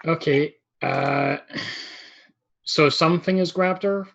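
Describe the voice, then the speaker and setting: A man's voice: a little high, slow pace, gravelly, fairly bright tone. A man playing in a tabletop game, talking casually and hesitantly out of character. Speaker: player. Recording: dull lo-fi audio.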